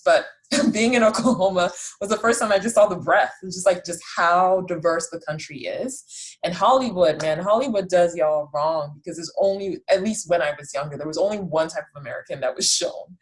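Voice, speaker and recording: A woman in her late twenties, raised in the Netherlands, hosts a podcast of casual personal storytelling, talking about her own life self-deprecatingly and often restarting sentences. Her voice is fairly low and a little fast, in a low-quality recording.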